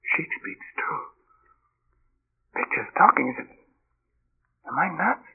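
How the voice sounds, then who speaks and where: An actor playing a husband, slow, awed and shaken, in 1940s radio acting on a tinny old radio recording. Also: male voice, sits high, very animated, gravelly, slightly rough, full character voice. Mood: horrified.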